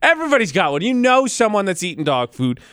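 A man co-hosting a morning radio show on a studio mic, teasing and joking with quick asides. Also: high voice, very animated, a bit bright, clear, resonant tone, no echo. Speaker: radio co-host.

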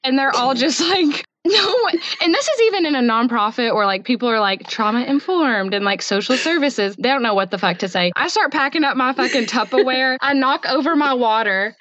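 A woman's voice: high-pitched, expressive, a little fast, few pauses, a bit bright, no room sound, dull audio. A woman in her twenties co-hosting a podcast, telling a family story in casual chat, candid and swearing, acting out quotes. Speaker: podcast co-host.

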